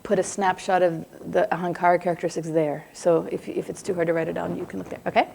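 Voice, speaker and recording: A woman's voice: on the low side, level tone, quick pace, gravelly, a little mellow, slight background noise. A middle-aged woman lecturing a live class on psychology in a loose, conversational way, often breaking off to check in with students. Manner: conversational, digressive, laughs easily.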